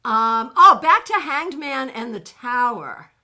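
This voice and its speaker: A woman teaches tarot in a live online workshop, reading out viewer comments as she goes. Her voice sits high and bright and swings widely in pitch. She talks in an animated way, laughs easily and trails off into frequent ums and restarts. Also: takes it slowly. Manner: animated, laughs often, many fillers and restarts.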